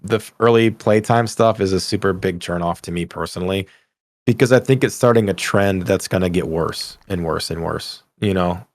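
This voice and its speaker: Middle-aged male podcast co-host: low, gravelly, dry close sound, ranty casual gamer energy. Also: moderate pace, dry recording. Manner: animated, ranting, swears casually. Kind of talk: casual gaming podcast chat.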